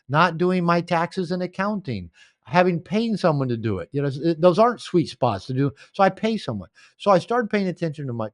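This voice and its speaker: A man's voice: a little high, no room sound, studio quality. An older man telling stories in a podcast interview, rambling and anecdotal, recorded at home. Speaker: author and coach.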